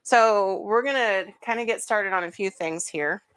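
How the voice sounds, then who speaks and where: A woman's voice: medium pitch, normal speed, fairly bright tone, clear, resonant tone, poor audio. A woman hosting a casual home cooking stream, chatty and rambling with plenty of fillers. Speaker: home cooking show host. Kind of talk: casual cooking livestream chat. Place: home kitchen.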